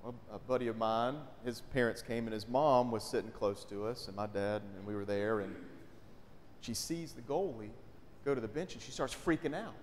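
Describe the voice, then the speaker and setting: A pastor from North Carolina, preaching a conversational sermon and often asking "right?". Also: male voice, medium pitch, normal speed, slight background noise. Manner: conversational, frequent rhetorical "right?". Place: church sanctuary. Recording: long church reverb.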